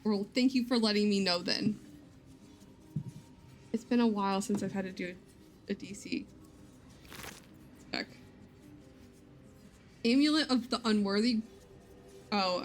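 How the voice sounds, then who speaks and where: A woman live-streaming a video game, chatting casually, thinking aloud and laughing easily as she plays. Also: medium pitch.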